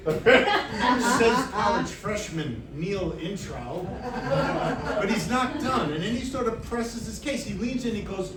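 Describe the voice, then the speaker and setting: High-voiced man telling a comic story. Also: slow pace, a loud crowd. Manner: comic, wry, animated delivery. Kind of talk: live personal storytelling. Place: stage before a live audience. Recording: echoey room, distant mic, audience. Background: audience laughter.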